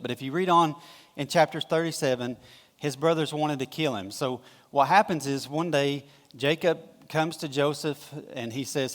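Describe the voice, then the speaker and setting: A man with a Southern American accent gives a relaxed, chatty sermon, telling the story in his own words and slipping into little voices for the quotes. His voice sits in a middling register, and the sound rings with a long church-hall reverb. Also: mid-range voice. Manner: casual, folksy storytelling with quick acted-out quotes. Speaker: pastor. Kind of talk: conversational sermon. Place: church sanctuary.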